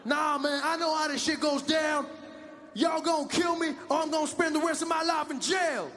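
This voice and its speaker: A streetwise suspect, barricaded in and refusing to come out, yells every line in a strained, very high voice, as a man acts him out on stage. He clings to blunt slang and won't give an inch. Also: steady tone, moderate pace, soft background music. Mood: defiant. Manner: shouting, defiant slang. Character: cornered male suspect barricaded, defiant, streetwise. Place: large live comedy venue.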